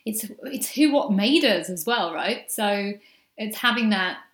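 A woman hosting an interview, encouraging and warm, laughing often. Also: medium pitch, animated, measured pace. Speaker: podcast host. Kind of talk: casual interview chat. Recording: roomy echoey sound.

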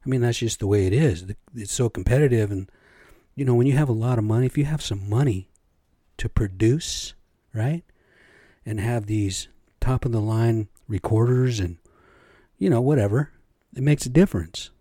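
On a cheap home setup, a middle-aged man hosts his own podcast in a casual solo rant, rambling, swearing freely, and tossing out rhetorical questions. His voice is medium-pitched and dark, at a normal speed, and the recording is dry and clean, with a studio sound.

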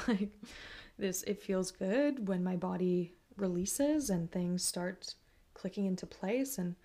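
Young woman, podcast host, low gravelly voice, soft rambling storytelling with whispered asides. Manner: soft-spoken, many fillers, drifts into whispers. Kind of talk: personal storytelling.

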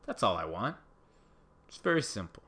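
A man's voice: lowish voice, sing-song, moderate pace, a bit bright. A man who works as a stand-up comedian, talking to camera in a casual, sarcastic, rambling monologue.

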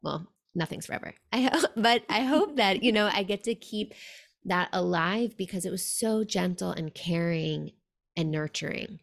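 Here a podcast host who teaches meditation speaks at a moderate pace in a medium-pitched, expressive, gravelly voice. Her conversational storytelling is earnest and warm, sprinkled with frequent "like"s.

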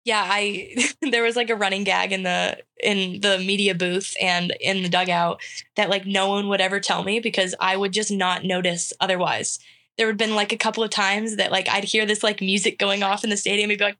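Woman, twenties, interview guest; lively storyteller who acts out quotes, mid-range voice. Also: mid-range voice, fairly quick. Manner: animated, acts out quotes, laughs often. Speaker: softball pitcher guest.

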